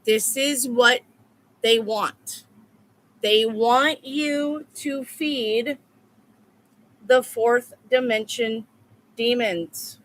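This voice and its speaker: A woman's voice: fairly high pitch, drawn-out words, pauses often. A woman tarot reader talking live to her viewers in a blunt, repetitive, profane way. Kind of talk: live-stream chat with viewers.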